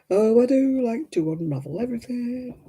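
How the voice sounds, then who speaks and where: A woman's voice: fairly high pitch, warm tone, slightly rough. A middle-aged woman chatting at home while she crochets, poking fun at herself and laughing often. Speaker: crafting vlogger. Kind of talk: casual chat while crocheting.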